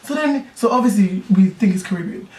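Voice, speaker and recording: A young man tells friends a personal story in casual chat, animated and chatty, often checking in with his listeners. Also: high voice, a little fast, far from the mic, a crowd in the background. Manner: animated, chatty, keeps asking "do you know what I mean". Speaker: YouTuber telling a personal story. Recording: echoey room, voice off-mic, faint hiss.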